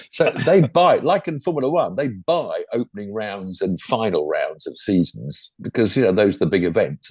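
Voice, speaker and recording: A man's voice: fairly low pitch, darkish tone, husky, dry recording. An older man with a chatty, rambling manner, talking casually about motorsport as a podcast co-host. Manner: chatty, rambling, full of asides. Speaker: podcast co-host and former racing driver.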